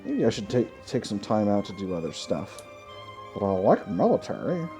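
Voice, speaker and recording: Chill guy doing a strategy game let's play, mellow voice, lots of ups and downs in pitch. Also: normal speed, faint music behind. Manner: relaxed, thinking aloud. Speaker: gaming channel host.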